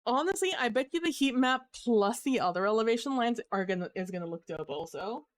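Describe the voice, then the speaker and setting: Chatty young woman streamer, smooth voice. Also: fairly high pitch, lively intonation, brisk, dry recording. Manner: rambling, upbeat, full of fillers and restarts. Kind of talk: casual live-stream chat.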